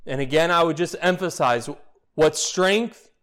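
Slow-preaching man pastor. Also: high-pitched, fairly bright tone. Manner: preaching with rising emphatic peaks and repeated questions. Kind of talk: sermon.

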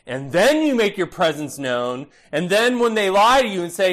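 A man's voice: high-pitched, animated, normal speed, hardly any pauses, fairly bright tone. A male pastor preaching an expository sermon, emphatic and repetitive, often adding "right?".

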